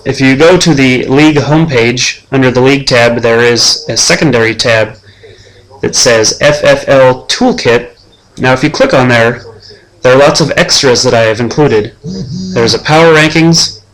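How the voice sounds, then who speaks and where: A young man hosting a mock sports-show preview as his fantasy football league's commissioner, trash-talking the other players in a deadpan way. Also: mid-range voice, normal speed, low-quality recording.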